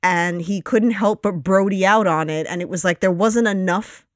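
A woman's voice: medium pitch, fairly even intonation, moderate pace, no echo, clean studio sound. A woman co-hosting a casual film review podcast, blunt and opinionated, with the odd swear. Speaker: podcast co-host.

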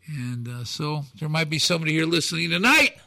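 A man in his sixties telling stories as a talk show guest, acting out dialogue with shouted quotes and emphatic delivery. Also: fairly high pitch, lively intonation, a little fast, vocal fry, dry recording. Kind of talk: animated storytelling on a talk show.

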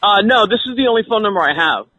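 Deadpan high-voiced man playing dumb on a call. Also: fast talker, highs cut off, a crowd in the background. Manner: deadpan, playing dumb, folksy small talk. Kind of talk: prank call played straight.

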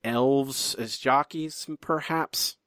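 A man's voice: medium pitch, drawn-out words, fairly bright tone, clear, resonant tone, no room sound, studio quality. A man co-hosting a podcast in casual chat, teasing and self-deprecating as he runs a trivia game. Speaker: podcast co-host.

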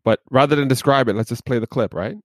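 A man's voice: medium pitch, fast, dry recording, clean studio sound. A man co-hosting a podcast, easygoing and jokey, sometimes stammering as he starts. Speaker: podcast co-host. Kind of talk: casual podcast chat.

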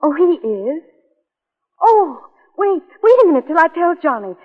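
An earnest, high-voiced young wife. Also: female voice, big pitch swings, unhurried, heavily acted. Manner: earnest, heartfelt, scolding tenderly. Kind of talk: 1940s radio acting. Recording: tinny old radio broadcast with reverb.

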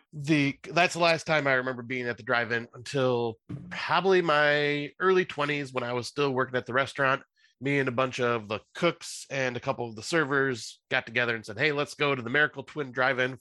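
A man's voice: mid-range voice, pushed and bright, dry recording. A man in his thirties, co-hosting a podcast in easygoing, rambling casual chat. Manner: easygoing, rambling, lots of uh fillers. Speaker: podcast co-host.

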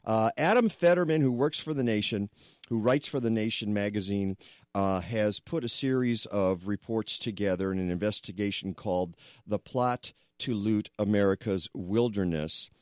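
A man hosts a talk radio show in a rambling, chatty way, doubling back on his sentences. His voice sits somewhat low, and the studio sound is dry and close. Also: moderate pace, darkish tone, no echo.

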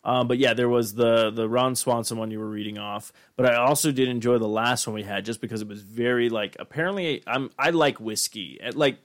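A man's voice: mid-range voice, brisk, few pauses. A man co-hosting a casual podcast chat, ranting and swearing freely. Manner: profane, ranting, animated. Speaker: podcast co-host.

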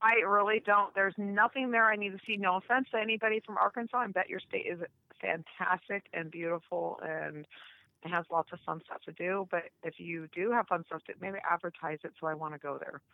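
A woman's voice: fairly low pitch, steady tone, fairly quick, no echo, phone-quality sound. A woman co-hosting a casual chat show, blunt and emphatic, swearing freely. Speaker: podcast co-host.

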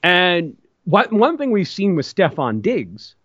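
A man's voice: high voice, big pitch swings, slow pace, a bit bright, slightly rough, no room sound, highs cut off. A man co-hosting a casual sports podcast, arguing his points and asking pointed questions about the teams. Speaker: podcast co-host.

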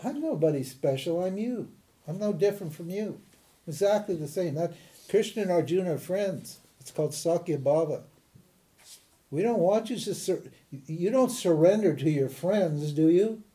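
This high-pitched male spiritual teacher talks at a moderate pace during an informal class. He chats animatedly, breaks into laughter often, and keeps restarting his sentences.

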